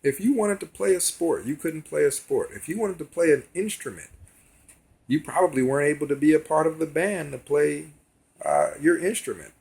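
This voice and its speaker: A man's voice: a little high, gravelly, a little mellow, slightly rough. A man recounting his experiences in an earnest, casual monologue straight to his viewers. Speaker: vlogger. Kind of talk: casual direct-to-camera monologue.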